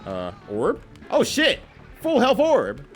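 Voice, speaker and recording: A male streamer talks over his gameplay in a loose, joking ramble, cursing casually as he goes. His voice sits a little high for a man and swings widely in pitch. Faint music plays behind him. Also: huge pitch swings, slow pace. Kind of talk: live gameplay commentary.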